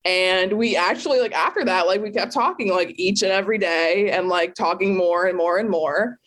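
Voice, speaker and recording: A woman guest on a podcast telling a personal story in an animated, casual way, swearing freely and laughing at herself. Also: on the low side, normal speed.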